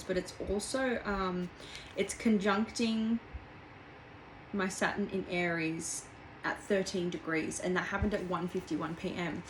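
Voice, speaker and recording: A young woman talks through a tarot reading at home in a loose, meandering way. She circles back and restarts often, and her voice sits at a medium pitch. A faint hiss runs underneath. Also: rough recording. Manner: rambling and heartfelt, with frequent fillers and restarts. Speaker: tarot reader. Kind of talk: casual tarot reading monologue.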